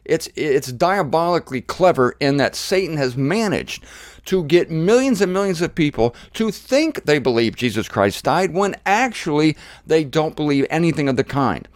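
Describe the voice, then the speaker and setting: Animated conversational male preacher. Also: on the high side, moderate pace, dry recording, clean studio sound. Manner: animated, conversational, mocking mimicry of critics. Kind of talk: informal sermon series.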